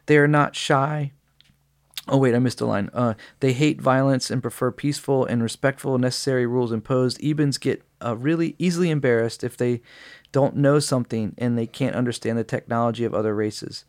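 Male podcast co-host, casual read-aloud, stumbling and giggly. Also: mid-range voice. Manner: giggly, breaks into helpless laughter while reading.

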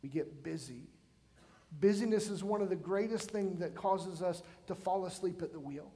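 High-voiced pastor preaching conversationally. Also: male voice, moderate pace, dark tone. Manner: conversational preaching, asks the congregation questions, emphatic bursts. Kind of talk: sermon. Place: church sanctuary.

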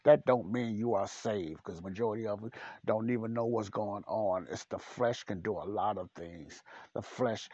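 A man's voice: lowish voice, darkish tone, breathy edge, no room sound. A man preaching a podcast sermon, blunt and repetitive, speaking straight to the listener. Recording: dull, dry lo-fi recording.

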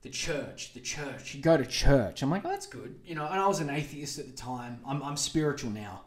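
A man in his twenties, a podcast host telling a crude, animated story and acting out quotes in raised voices. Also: mid-range voice, normal speed. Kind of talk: casual storytelling monologue. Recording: roomy echo.

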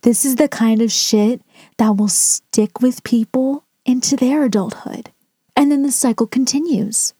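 A woman's voice: a little high, unhurried, dark tone, slightly rough, dry recording, studio quality. A woman rating and reacting to stories in casual commentary, blunt and sarcastic with frequent swearing. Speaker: storytime reactor.

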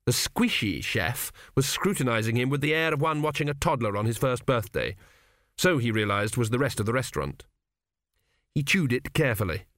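A man narrates an audiobook in a measured, dry storytelling manner, at a middle pitch. He is close to the mic, with a dead, dry studio sound. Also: lively intonation, fairly bright tone, dry recording.

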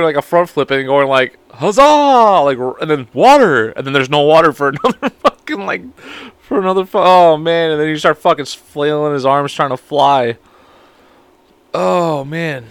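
A man's voice: mid-range voice, a bit bright, clean tone, no echo. A man in his thirties hosting a podcast alone, reading stories aloud and breaking into laughing, profane commentary. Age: 30s. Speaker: podcast host.

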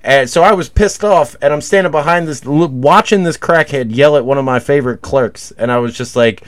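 A man co-hosting a podcast, telling stories casually with lots of swearing and turning loud when he acts out arguments. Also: fairly high pitch, fairly quick, few pauses. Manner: profane storytelling, loud when acting out arguments. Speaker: podcast co-host. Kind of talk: casual chat.

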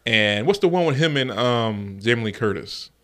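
A man's voice: mid-range voice, expressive, normal speed, a bit bright. Rambling casual man chatting about movies. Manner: rambling storyteller, many ums and restarts. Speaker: podcast co-host.

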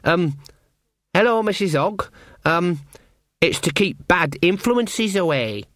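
Man doing a shy stammery young woman, higher voice, hesitant. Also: lively intonation, slow pace, fairly bright tone, no echo, clean studio sound, full character voice. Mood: nervous.

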